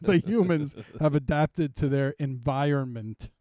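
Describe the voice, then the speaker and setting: Guy on a podcast, talks slow, warm dark tone, makes dumb puns. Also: on the high side, dry recording, clean studio sound. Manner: slow, wordplay jokes. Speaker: podcast co-host. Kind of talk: casual banter.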